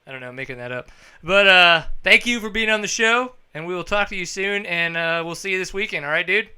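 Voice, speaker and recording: Bright, energetic male podcast host. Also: fairly quick, clear, resonant tone. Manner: upbeat, joking, bursts of high energy. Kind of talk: casual podcast chat.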